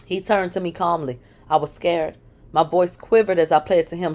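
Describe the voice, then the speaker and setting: A woman's voice: fairly low pitch, quick pace, darkish tone. Candid woman reading a memoir. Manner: candid, with sarcastic asides. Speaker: reader of a memoir. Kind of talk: first-person audiobook reading with asides.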